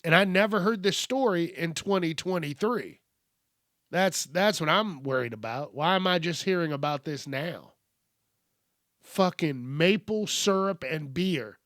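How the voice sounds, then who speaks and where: A man's voice: on the high side, normal speed, fairly bright tone, no echo, studio quality. A male podcast host riffing casually on news stories, joking and swearing freely. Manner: profane, joking, rhyming asides.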